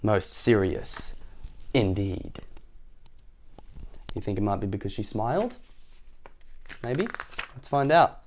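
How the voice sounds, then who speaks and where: A man hosting a storytime video, reading a picture book aloud to children in a playful, animated way and asking them questions. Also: medium pitch, normal speed, pauses often, a little hiss or hum. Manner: animated, playful, talks to young listeners. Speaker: storytime host.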